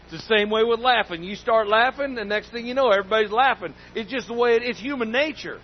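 A man's voice: extremely high pitch, fast, muffled recording, slight background noise. A man preaching a sermon in an emphatic, folksy way, repeating key phrases for weight. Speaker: pastor.

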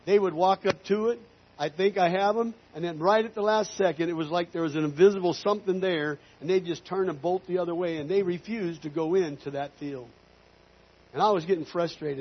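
A man preaching a storytelling sermon in an animated way, rising into loud emphatic bursts. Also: a little high, husky. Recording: slightly muffled recording.

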